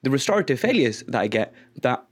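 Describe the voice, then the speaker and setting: A man hosting an interview, himself a dentist, talking in a quick, supportive, chatty way. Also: mid-range voice, very animated. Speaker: dentist host. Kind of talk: conversational interview.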